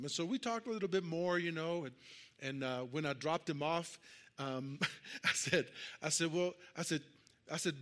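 Bright-voiced middle-aged man preaching. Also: a little high, normal speed. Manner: conversational, many fillers and repeated starts, calls for amens. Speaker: pastor. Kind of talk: sermon with personal story.

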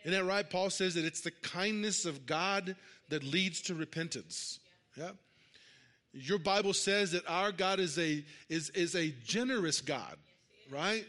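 A man's voice: high-pitched, measured pace, sharp tone. A middle-aged man preaching a conversational sermon, full of fillers and restarts, mixing a personal story with calls for amens. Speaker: pastor.

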